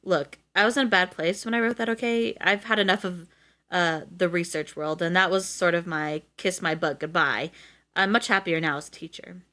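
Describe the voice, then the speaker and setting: Woman voicing defensive male teacher, sardonic, a bit flustered, lower voice. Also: steady tone, moderate pace, bright, forceful tone. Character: defensive, sarcastic male schoolteacher.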